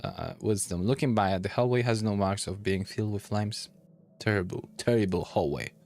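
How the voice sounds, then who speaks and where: A young man with a delivery, commentating a game and reading its text aloud, thinking out loud and laughing often. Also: fairly low pitch, moderate pace, slight background noise. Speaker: gaming YouTuber. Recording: gravelly voice over faint game ambience.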